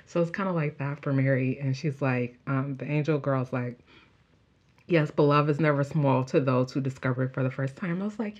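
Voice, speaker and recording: A young woman chatting casually as she recaps a show, gushing and animated, with many fillers. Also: deep voice, normal speed, lo-fi sound. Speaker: show reviewer.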